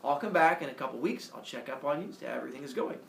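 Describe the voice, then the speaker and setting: Teacher voicing a casual, low-key god; lively delivery, distant and roomy. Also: male voice, very fast, creaky, a little hiss or hum. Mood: reassuring. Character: smooth-talking male god, laid-back. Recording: echoey classroom from far off.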